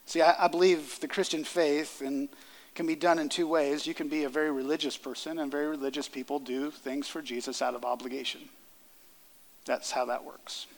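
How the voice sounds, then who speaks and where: A man in his thirties preaching a sermon, earnest, rising loud on key lines and dropping soft. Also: a little high, gravelly. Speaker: pastor. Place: church sanctuary. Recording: long hall reverb.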